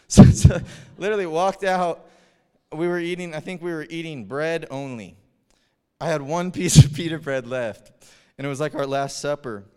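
A pastor telling a story in a reverberant hall. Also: male voice, a little high, smooth. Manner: animated, chuckling storyteller. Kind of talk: storytelling sermon. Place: church hall.

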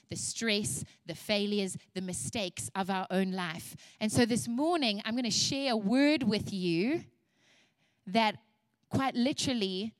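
A woman's voice: mid-range voice, no echo. A woman preaching a sermon to women with passionate, emphatic repetition.

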